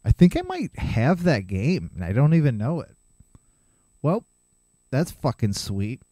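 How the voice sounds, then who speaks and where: A man's voice: medium pitch, big pitch swings, unhurried, mellow, no room sound. A man in his thirties hosting a solo podcast, telling a rambling, heavily profane story from his youth with self-mocking asides. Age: 30s. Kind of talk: casual storytelling monologue.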